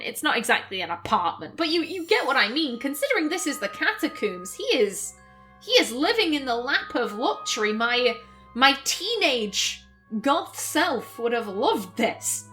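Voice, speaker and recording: Woman let's-play host, slow, higher voice, chatty reading over soft music. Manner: chatty, self-correcting, narrates in first person. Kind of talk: reading a visual novel aloud with commentary.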